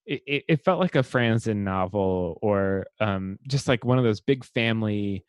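Podcast co-host, male, lower voice, easygoing and chatty. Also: normal speed, clear, resonant tone, no room sound, clean studio sound. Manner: relaxed, many fillers and restarts. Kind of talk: casual chat.

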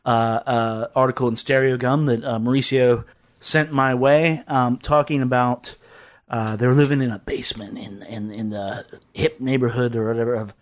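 A man's voice: medium pitch, fairly even intonation, moderate pace. A man hosting a podcast in a basement, talking casually in a rambling way with frequent swearing and laughs. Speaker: podcast host. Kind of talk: casual chat.

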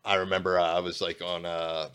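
A man's voice: deep voice, level tone, normal speed, fairly bright tone, clean tone. A man with a Philadelphia accent, telling laid-back stories in a casual podcast chat.

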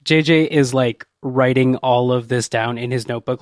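A man's voice: mid-range voice, moderate pace, hardly any pauses, no echo, studio quality. A man chatting casually as a player in a tabletop game.

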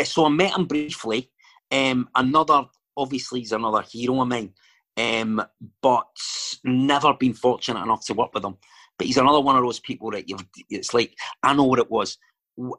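Rambling Scottish man, husky voice. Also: medium pitch, fairly even intonation, moderate pace, sharp tone. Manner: rambling, lots of fillers and digressions. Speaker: actor and filmmaker guest. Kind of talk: casual chat.

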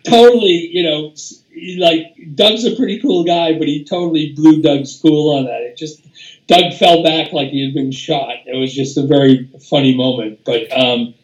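An older man recounts studio stories in a loose, rambling way, restarting sentences and swearing casually. His voice sits somewhat high for a man. A roomy echo surrounds him. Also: normal speed. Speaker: music producer, interview guest. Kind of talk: casual anecdotal storytelling.

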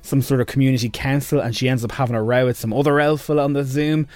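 A man's voice: mid-range voice, steady tone, darkish tone, dry recording. A man co-hosting a radio show, telling stories in a loose, rambling way full of asides. His voice sits in a middle range for a man. The sound is close and dry, as in a studio. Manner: chatty, rambling storyteller with quick asides. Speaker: radio co-host recapping entertainment news. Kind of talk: casual radio chat.

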